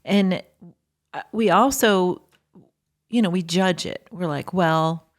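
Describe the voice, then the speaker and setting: A woman's voice: on the low side, takes it slowly. A woman co-hosting a podcast, reflecting in casual talk and quoting what people tend to say. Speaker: podcast co-host.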